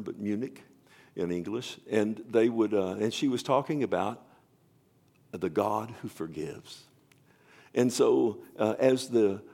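An older man preaching a sermon with passion, swinging from loud outbursts to hushed tones. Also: lowish voice, gravelly.

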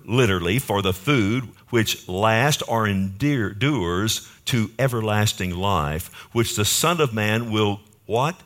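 A man's voice: lowish voice, a bit bright. A man pastor preaching a verse-by-verse sermon, emphatic and often asking the congregation questions.

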